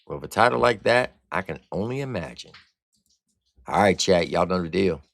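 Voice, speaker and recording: A man's voice: low-pitched, lively intonation, normal speed, gravelly, no room sound, clean studio sound. A man hosting a casual livestream album review, talking in blunt, profane slang. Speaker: music reviewer and streamer host.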